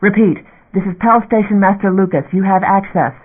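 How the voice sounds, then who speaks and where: Frantic station master, read by a man, strained shouting and pleading, tinny phone-like audiobook sound. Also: high-pitched, brisk, husky. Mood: desperate. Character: desperate male station master under siege.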